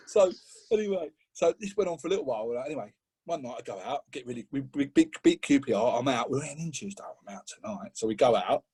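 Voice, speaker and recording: A middle-aged man from England, a podcast guest telling an animated story in casual chat, often laughing and acting out what others said. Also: quick pace, husky. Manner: animated, laughing, acts out quotes with rising pitch.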